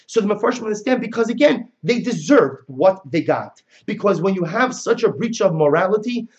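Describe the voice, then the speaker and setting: A male religious teacher giving a passionate lecture on religious texts, telling the story dramatically and moving between loud and soft. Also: high-pitched, animated, a little fast, hardly any pauses, highs cut off.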